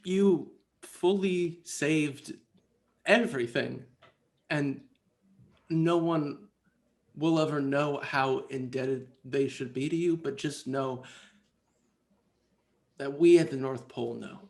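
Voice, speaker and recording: A man's voice: on the high side, slow pace, creaky, pauses often. A man voicing an emotional, effusive woman from a North Pole agency who stammers her thanks. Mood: grateful.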